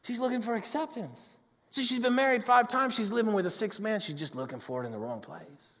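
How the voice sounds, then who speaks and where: A man preaching a sermon in a conversational way, moving between loud excitement and hushed, intimate talk. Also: high voice, brisk. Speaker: pastor. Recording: long hall reverb.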